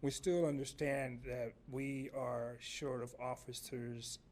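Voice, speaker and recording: A man's voice: mid-range voice, steady tone, takes it slowly, a little mellow. A man giving a polite, formal public comment at a city council meeting, with many fillers such as um and uh. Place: council chamber.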